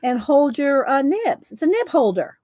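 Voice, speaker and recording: A woman's voice: sits high, big pitch swings, normal speed, warm tone, no room sound. A woman hosting an art livestream, chatting casually and rambling as she thanks viewers by name. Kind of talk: casual chat.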